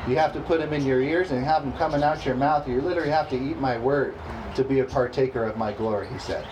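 A man preaching a sermon, reading scripture slowly and emphatically and calling for responses from the congregation. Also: medium pitch, highs cut off, background noise. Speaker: pastor.

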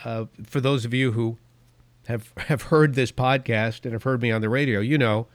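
A middle-aged man talks through his opinion podcast in an emphatic, rambling way, drifting from one story to the next. His voice sits at an ordinary middle pitch. The sound is dry and close, with no room around it. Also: fairly even intonation, moderate pace, no echo. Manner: rambling, emphatic, goes off on tangents. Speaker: podcast and radio host.

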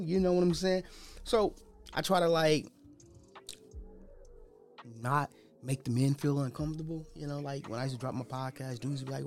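A man's voice: a little high, a little fast, creaky, pauses often, a little mellow, faint music behind. Rambling slangy podcast host man. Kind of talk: unscripted casual monologue.

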